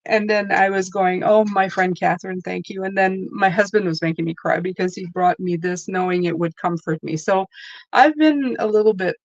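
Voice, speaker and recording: A woman's voice: on the low side, no room sound, lo-fi sound. A woman hosting a tarot live stream, talking in a chatty, rambling way with lots of asides. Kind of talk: casual live-stream chat.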